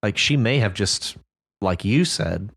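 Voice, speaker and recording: A man co-hosting a writing podcast, talking over listener stories in a relaxed, agreeable way with lots of fillers. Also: fairly low pitch, measured pace, vocal fry. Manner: laid-back, agreeable, many fillers. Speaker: podcast co-host. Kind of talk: casual discussion of listener stories.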